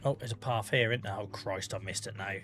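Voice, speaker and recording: A man's voice: on the low side, brisk, a bit bright, faint music behind. A man with a Norfolk accent, chatting casually to his live-stream viewers while gaming, self-mocking and laughing often.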